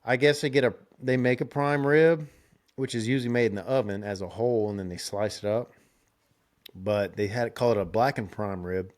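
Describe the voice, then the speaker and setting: Young dude rambling through a road trip story, easygoing, chuckles a lot. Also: male voice, mid-range voice. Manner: rambling, laid-back, laughs often, restarts. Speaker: podcast host. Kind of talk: casual storytelling chat.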